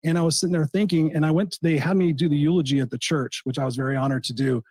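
A man with a slightly high voice talks very quickly and earnestly about personal loss, circling back and restarting his sentences. He coaches people and speaks as a guest in a podcast conversation. The sound is close and dry. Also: fairly even intonation, darkish tone, slightly rough, no room sound. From Southern California. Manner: heartfelt, repetitive restarts. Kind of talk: emotional personal storytelling.

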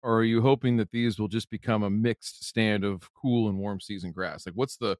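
A man's voice: lowish voice, steady tone, moderate pace, darkish tone, dry recording, clean studio sound. A man hosting a live lawn-care call-in show, joking and brash and casually swearing. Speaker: host taking calls.

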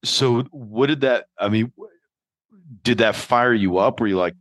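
A man's voice: lowish voice, steady tone, moderate pace, no echo. A man hosting a casual interview, asking curious, probing questions. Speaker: host.

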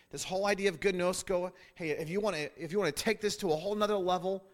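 A man teaching a sermon-style Bible lesson, emphatic and repetitive, often restarting phrases. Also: a little high.

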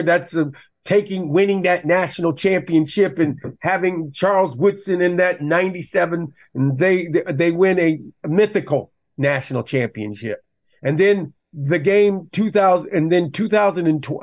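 A man, a former college running back, talking football as a guest in a passionate, animated way that rises when he gets riled up. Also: fairly high pitch. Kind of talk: casual sports talk.

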